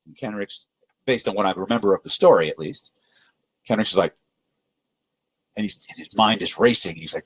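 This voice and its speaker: Male webinar teacher, low and lively voice, dry close mic, storyteller who acts out quotes. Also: normal speed, pauses often, breathy edge, no echo, rough recording. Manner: animated storyteller acting out quoted voices, frequent filler restarts. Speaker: webinar presenter on persuasion.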